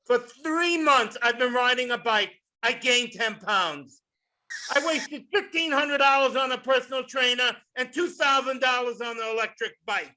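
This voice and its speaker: A man in his sixties doing a stand-up comedy set in a club, with a loud, punchy delivery, swearing and shouting his punchlines. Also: very high-pitched, moderate pace. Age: 60s.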